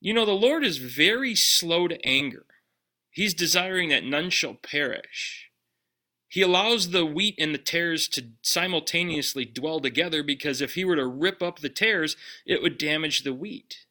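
A man preaching a sermon in a conversational way, putting direct questions to his listeners and dropping his voice low on key lines. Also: lively intonation, normal speed, sharp tone. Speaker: pastor.

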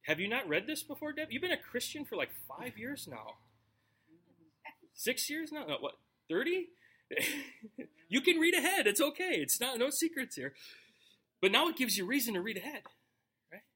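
A man's voice: high voice, sharp tone. A man teaching through a Bible passage in a casual, conversational way, joking with his listeners between verses. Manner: conversational, joking asides to the congregation. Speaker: pastor.

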